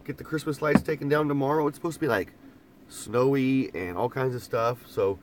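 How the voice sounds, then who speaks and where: A man's voice: medium pitch, moderate pace, background noise. A man in a casual, rambling live chat from inside a camper van, laughing often and repeating phrases. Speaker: vlogger reading live chat.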